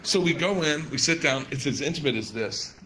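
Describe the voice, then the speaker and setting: A man in his thirties tells a profane stand-up story on a live stage, and his high voice swoops widely from line to line. He laughs through his own punchlines. Loud noise sits under the whole recording. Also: expressive, fairly quick. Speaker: stand-up comedian. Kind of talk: stand-up routine. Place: comedy stage before a live audience.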